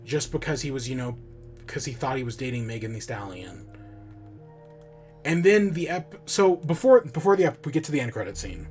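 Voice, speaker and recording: A man's voice: mid-range voice, lively intonation, normal speed, darkish tone, soft background music. A man hosting a podcast in casual chat, rambling with restarts and casual swearing. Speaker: podcast host.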